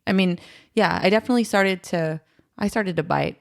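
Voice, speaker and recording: Female podcast guest, low gravelly voice, candid storytelling, emotional. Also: a little fast, no echo, studio quality. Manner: emotional, quotes others in her retelling.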